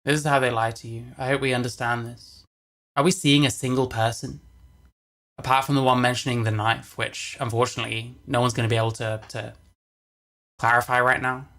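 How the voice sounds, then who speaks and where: A man's voice: mid-range voice, level tone, a little fast, fairly bright tone. A man ranting on a livestream while reacting to videos, heavy with swearing, exasperated, and repeating phrases for emphasis. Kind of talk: angry casual livestream rant.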